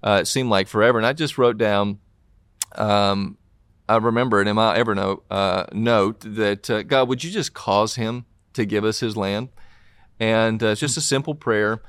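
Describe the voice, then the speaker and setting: Male pastor guest, earnest reflective talker, low smooth voice, dry sound. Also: steady tone, moderate pace, fairly bright tone, no echo. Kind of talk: casual interview talk.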